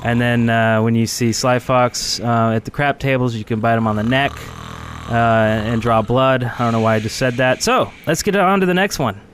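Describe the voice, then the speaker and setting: A man's voice: mid-range voice, moderate pace, slight background noise. A man hosting a casual gaming podcast, rambling and chuckling at himself. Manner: rambling, chuckling, self-deprecating. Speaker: podcast host.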